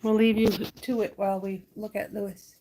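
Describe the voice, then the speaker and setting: A woman from Wisconsin hosting a casual live stream. She chats with her viewers and breaks into a high sing-song voice when she talks to her dogs. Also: flat delivery, normal speed, mellow, slight background noise. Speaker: livestream host.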